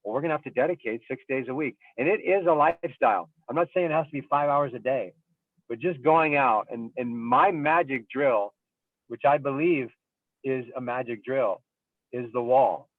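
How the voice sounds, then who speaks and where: A man's voice: mid-range voice, normal speed, no room sound. Man on a tinny, dry call line. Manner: thoughtful, explains with everyday examples and frequent ums. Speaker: baseball coach and scout. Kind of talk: casual panel discussion.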